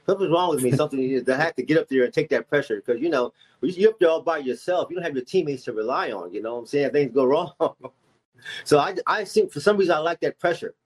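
A middle-aged male comedian talks quickly in a slightly husky voice, guesting on a radio show. He jokes about himself and laughs easily. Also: fairly high pitch, animated. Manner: joking, self-mocking, laughs often. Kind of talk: casual radio chat.

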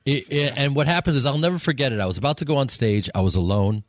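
A man's voice: medium pitch, no echo, studio quality. Rambling, self-mocking male comedian. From Chicago, USA. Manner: rambling, self-mocking, quick to slip into voices. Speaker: comedian and actor guest. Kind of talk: casual radio interview chat. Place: radio studio.

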